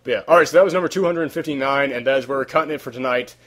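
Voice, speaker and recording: He races along at a medium pitch with a slightly bright tone, hosting a casual podcast. The room is hot with no air conditioning, and he sounds tired and sore-voiced, rambling while reaching for words.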